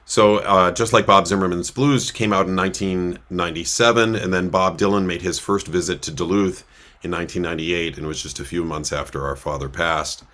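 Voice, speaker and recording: Super deep voiced cantor guy rambling thru a story, lots of uhs. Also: fairly even intonation, a little fast, fairly bright tone. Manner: rambling, with many filler sounds. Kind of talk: casual storytelling on a livestream. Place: synagogue.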